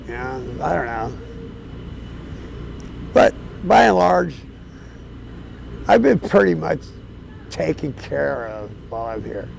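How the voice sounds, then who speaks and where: A man of around 60 telling his life story outdoors on a city street, plain-spoken and casual, with fillers and soft chuckles. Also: a little high, very animated, slow pace, vocal fry, pauses often, slight background noise, low-quality recording. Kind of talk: candid storytelling.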